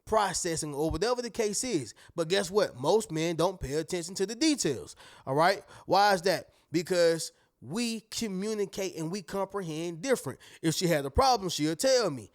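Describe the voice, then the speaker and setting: A man, hosting a casual motivational talk, animated and repeating his points, often checking in with "right?". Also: high voice, moderate pace. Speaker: host.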